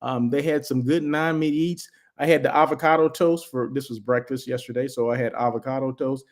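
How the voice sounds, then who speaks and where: A man's voice: mid-range voice, steady tone, a little fast. A man hosting a live daily show, chatting casually in a rambling way with lots of asides and restarts. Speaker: host. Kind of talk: casual livestream chat.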